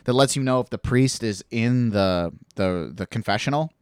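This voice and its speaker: A swearing, animated male storyteller. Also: medium pitch, moderate pace, clear, resonant tone, no room sound, studio quality. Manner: animated, swearing, acts out quoted voices. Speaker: podcast guest telling a story. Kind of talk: casual storytelling chat.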